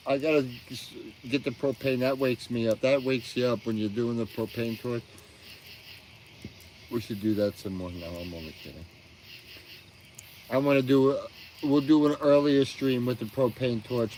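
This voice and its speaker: A man's voice: medium pitch, darkish tone, poor audio. Live-stream host, middle-aged man, casual and sleepy, yawning between chuckles, outdoor night mic with faint hiss. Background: crickets.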